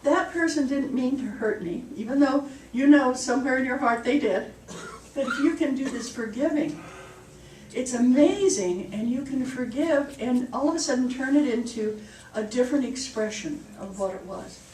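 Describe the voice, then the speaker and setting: A woman's voice: high-pitched, normal speed, a little mellow, a little hiss or hum. A woman minister giving a sermon in a chatty, storytelling way. She laughs at her own jokes. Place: church hall. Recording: echoey hall, mic far off.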